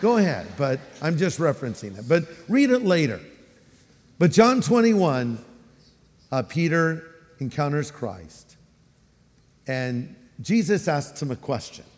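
A man with a Californian accent preaching a sermon as a pastor, animated and acting out the voices he quotes. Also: on the high side, measured pace, long pauses, in a large hall.

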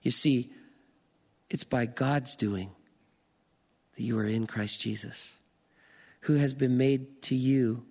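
A pastor preaching a sermon, slow and emphatic, building to rising declarations. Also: male voice, medium pitch, long reverb tail.

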